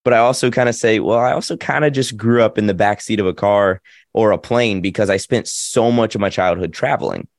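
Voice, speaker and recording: A man's voice: lowish voice, fairly quick, vocal fry, no echo, clean studio sound. A young man from Nashville with a light Southern accent, chatting and joking as an interview guest on a video call. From Nashville, Tennessee. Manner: chatty, joking, animated storyteller. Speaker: actor and musician, interview guest.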